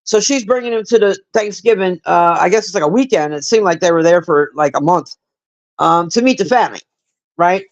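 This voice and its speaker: A woman's voice: lowish voice, brisk. Blunt, profane woman reviewing a movie live. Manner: chats with live viewers. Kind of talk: casual livestream movie review.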